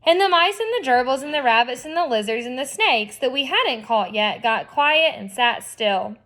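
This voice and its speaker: Expressive female reader of a children's novel, slightly high, chatty asides. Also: normal speed. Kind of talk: reading a children's novel aloud.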